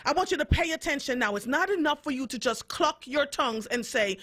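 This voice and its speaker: A woman's voice: on the high side, fairly quick, few pauses, fairly bright tone. A woman from Jamaica hosting a radio show, giving an impassioned, emphatic monologue and repeating points for emphasis. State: fed up. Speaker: radio host.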